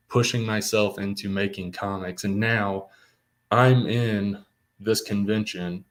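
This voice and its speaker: Young male guest, low-ish voice, eager storyteller, heavy on fillers. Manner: excited, many fillers like "like". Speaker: comics writer, guest. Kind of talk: casual storytelling.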